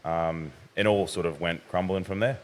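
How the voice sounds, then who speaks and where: A young man, a podcast guest talking through his recent past in a measured way, often hedging. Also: sits low, fairly even intonation. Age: young adult. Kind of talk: casual interview.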